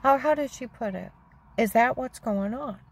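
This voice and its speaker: An older woman with a gravelly voice tells a rambling, aggrieved story in a chatty tone. She keeps circling back and voicing what others said. Faint noise sits under the recording. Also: a little high, normal speed. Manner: chatty, aggrieved, repeats herself, acts out quotes.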